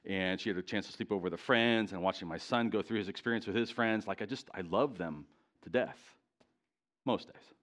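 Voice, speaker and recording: A man's voice: fairly low pitch, fairly quick. A middle-aged man preaching to a live congregation in a church, telling a personal story in a self-deprecating way and often asking the listeners questions. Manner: animated, self-deprecating, talks straight to the congregation. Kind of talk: storytelling sermon.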